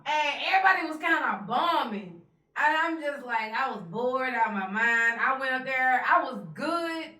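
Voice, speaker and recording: Bright, loud Texan woman host in an echoey room. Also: high-pitched, expressive, normal speed, far from the mic. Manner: loud, laughing storyteller, Southern Black vernacular. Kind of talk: casual chat.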